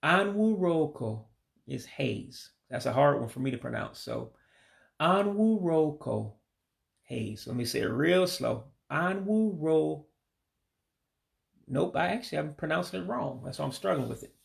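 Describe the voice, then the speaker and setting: A man teaching vocabulary in a casual lesson, patiently repeating words slowly and admitting when he stumbles. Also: mid-range voice, vocal fry. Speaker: language learner teaching vocabulary.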